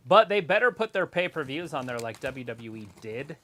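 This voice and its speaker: A man's voice: medium pitch, sing-song, moderate pace, bright, forceful tone. Offhand man giving wrestling opinions. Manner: offhand, opinionated, teasing remarks. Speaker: stream co-host. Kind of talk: casual watch-along chat.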